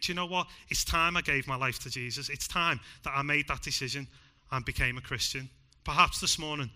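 Bright-voiced Scouse preacher. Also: male voice, a little high. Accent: Liverpool (Scouse). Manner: emphatic, swings from loud to hushed. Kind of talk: sermon. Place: church.

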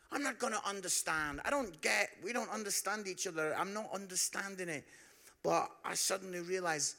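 A Scottish man preaching a storytelling sermon, animated, swinging from shouts to hushed tones and often asking the crowd "yeah?". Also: a little high, gravelly. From Scotland. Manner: frequent tag "yeah?" to the crowd.

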